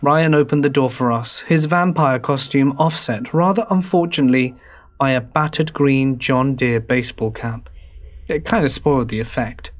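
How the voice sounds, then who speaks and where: A man narrating a horror story in a low, hushed, drawn-out delivery.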